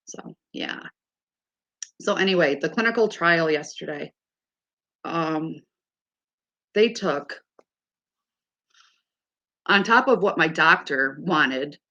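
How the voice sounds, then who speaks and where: A woman's voice: sits low, fairly bright tone, muffled recording. A woman in her fifties talking casually to her audience, telling exasperated stories in a chatty way. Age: 50s. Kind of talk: casual chat to a live audience.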